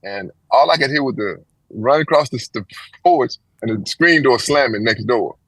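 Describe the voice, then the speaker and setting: A man's voice: moderate pace, husky, dry recording, rough recording. A man in his sixties from Texas, telling a long personal story as an interview guest and acting out the voices of the people in it. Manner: animated storyteller, acts out quoted voices with big pitch jumps.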